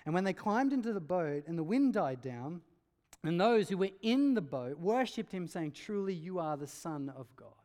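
Guy with a high voice giving an earnest sermon, lots of echo from the hall. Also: big pitch swings, moderate pace. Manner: earnest, emphatic preaching that drops low and quiet on key lines. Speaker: pastor. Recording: hall reverb.

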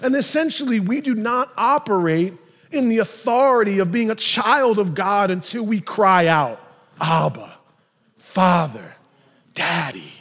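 A male pastor preaches with animated, emphatic storytelling. His voice sits high for a man, and a long reverb from a large church hall trails each phrase. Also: moderate pace. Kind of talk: sermon.

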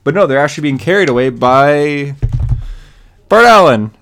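A man co-hosting a podcast, eagerly recapping a comic issue and playing out the characters' lines in a raised voice. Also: normal speed. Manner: excited retelling, acts out character lines in a higher voice. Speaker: podcast co-host. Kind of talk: casual comic book chat.

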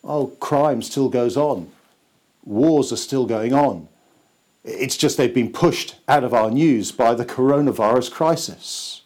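A man, a church pastor, preaching a sermon slowly and emphatically, with dramatic pauses. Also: mid-range voice, darkish tone.

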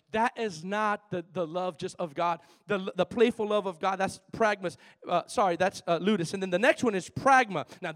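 A man preaching a sermon in an animated, playful way, moving between loud and soft. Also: high voice. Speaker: pastor.

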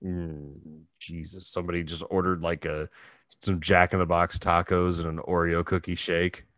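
Deep-voiced man with wry quips. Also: little pitch movement, normal speed, a bit bright, dry recording, clean studio sound. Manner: wry interjections. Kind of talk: casual chat.

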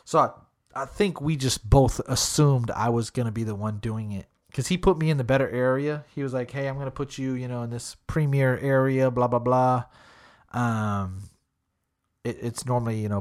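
A young man chatting casually, rambling through a story and saying "dude" a lot. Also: medium pitch. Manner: rambling, laid-back, says "dude" a lot. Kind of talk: casual chat.

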